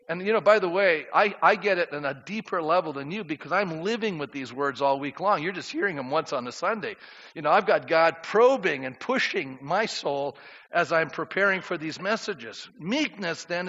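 A man's voice: a little high, a bit bright. A male pastor preaching a conversational sermon to his congregation, often asking them questions. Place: church sanctuary. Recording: dull sound in a reverberant church hall.

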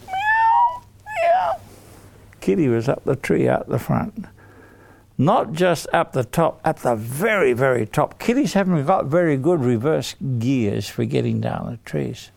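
A man telling a story to children in an animated way, putting questions to them. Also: medium pitch, a little slow, creaky.

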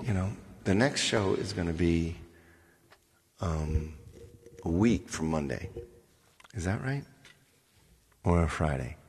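A man's voice: deep voice, vocal fry, a little mellow, slightly rough, big-room sound. A man hosting a live stream as its singer, chatting casually with viewers, thanking them by name and thinking aloud.

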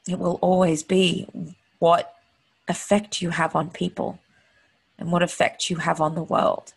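A woman's voice: lowish voice, level tone, a little slow, gravelly, husky. A woman hosting her own show, giving an earnest, heartfelt and openly emotional motivational monologue. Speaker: host.

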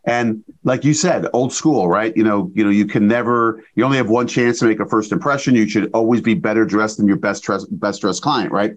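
A man's voice: fairly low pitch, brisk, few pauses, lo-fi sound. A man in his sixties hosting a casual interview, telling stories and often tagging them with "right?". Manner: storytelling, frequent tag questions. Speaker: podcast host and chiropractor.

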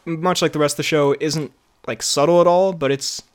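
A man with a slightly higher voice, chatting loosely as a podcast co-host. He rambles through his thoughts with plenty of fillers and keeps breaking into laughter. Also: steady tone, normal speed, clear, resonant tone. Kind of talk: casual chat.

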